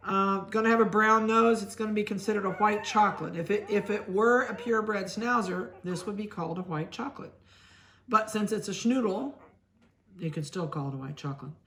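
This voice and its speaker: A middle-aged woman from Ohio, a dog breeder, chatting casually as she handles puppies and talks softly to them. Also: medium pitch, a little fast.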